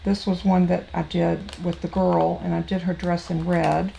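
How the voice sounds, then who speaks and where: A woman's voice: fairly low pitch, flat delivery, moderate pace, vocal fry, a little hiss or hum, rough recording. A woman with a Southern US accent, hosting a live card-making stream in a chatty, rambling way from her home craft room. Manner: chatty, warm, rambling with fillers and restarts. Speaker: craft channel host. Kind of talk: casual live-stream chat.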